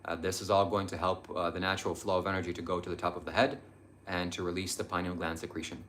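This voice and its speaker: Young male live-stream host, low-pitched, earnest, meandering delivery full of ums. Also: flat delivery, quick pace, a bit bright, slight background noise. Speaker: livestream host answering viewer chat. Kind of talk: casual live-stream talk on spirituality.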